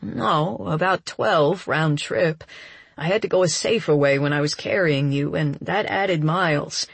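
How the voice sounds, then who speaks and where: A woman voicing a gentle young man who speaks softly and haltingly, full of quiet guilt. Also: vocal fry, slightly rough, no echo, full character voice. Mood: soft, earnest. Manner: soft, halting, low-key.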